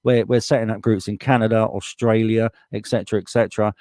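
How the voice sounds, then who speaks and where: A man's voice: lowish voice, flat delivery, fast, a little mellow, no room sound, studio quality. A man with a British accent hosting a live stream, reading out viewer comments in a casual, blunt way and swearing freely as he gets heated. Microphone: desktop USB microphone.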